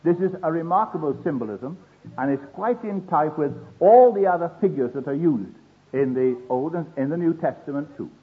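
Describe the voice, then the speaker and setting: A man's voice: fairly high pitch, lively intonation, normal speed. An older man preaching a sermon in an earnest way, acting out the voices he quotes. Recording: tinny phone-like old sermon tape.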